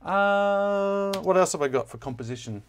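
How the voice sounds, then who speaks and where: A man explaining a musical score in a relaxed, chatty way, often pausing with fillers and correcting himself as he goes. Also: high-pitched, a little hiss or hum. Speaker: music teacher. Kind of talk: casual score walkthrough.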